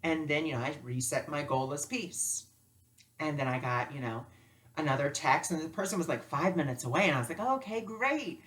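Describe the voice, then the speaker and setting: A woman teaching spiritual lessons through personal stories, animated and acting out dialogue. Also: sits low, fairly quick. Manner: animated, acts out dialogue with lively voices. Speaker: spiritual teacher and life coach. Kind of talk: storytelling lesson.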